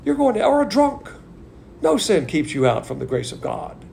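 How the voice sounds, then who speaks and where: A gravelly-voiced man preaches in a folksy, blunt manner, his pitch swinging up high on rhetorical questions. He teaches an informal Bible class, and faint background noise sits under his voice. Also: huge pitch swings, normal speed, a little mellow. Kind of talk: informal sermon. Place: church class streamed on video call.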